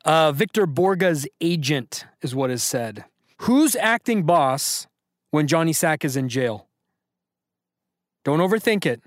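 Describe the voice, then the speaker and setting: A man's voice: a little high, animated, a little slow, no room sound, studio quality. A man hosting a podcast trivia quiz, reading questions to callers and hyping them up with playful banter. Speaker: podcast host and quizmaster.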